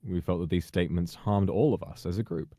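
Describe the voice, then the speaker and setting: A man reading a prepared public statement in a measured, formal, carefully worded way. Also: sits low, mellow, no echo, clean studio sound. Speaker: person giving a public statement.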